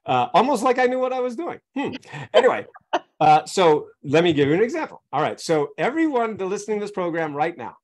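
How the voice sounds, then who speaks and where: Lively, animated man coaching by example. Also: high voice, a little fast. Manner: teaches through examples, keeps checking in with "right?". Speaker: guest coach and author. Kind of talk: animated podcast explanation.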